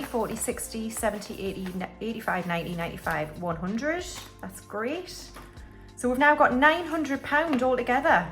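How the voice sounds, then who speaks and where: A woman records a casual budgeting vlog. She counts banknotes aloud in a chatty way and keeps talking straight to her viewers. Quiet music plays faintly behind her. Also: on the high side. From United Kingdom. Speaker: budgeting vlogger. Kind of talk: casual chat while counting cash.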